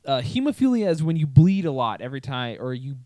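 A man's voice: mid-range voice, big pitch swings, fast talker, darkish tone, no echo. Profane, laughing young man telling stories. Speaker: podcast co-host. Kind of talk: casual chat.

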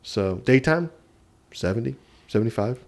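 A man chatting on a podcast, spinning a story with plenty of laughs breaking into his sentences. His voice sits in a middle pitch. He keeps a loose, casual flow. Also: normal speed. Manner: animated storyteller who laughs mid-sentence. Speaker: podcast co-host. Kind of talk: casual chat.

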